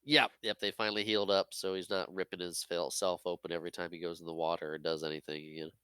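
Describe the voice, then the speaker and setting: A man co-hosting a podcast, chiming in with quick agreements and frequent laughs during a casual movie recap. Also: low-pitched, flat delivery, sharp tone, clear, resonant tone, dry recording. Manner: laughs often, chimes in with short agreements. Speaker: podcast co-host.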